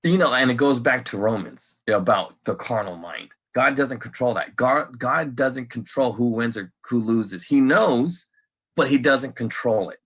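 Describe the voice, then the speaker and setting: A man co-hosting a casual podcast. He talks in a rambling, animated way, laughs often and swears now and then. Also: mid-range voice, measured pace, slightly rough. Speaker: podcast co-host.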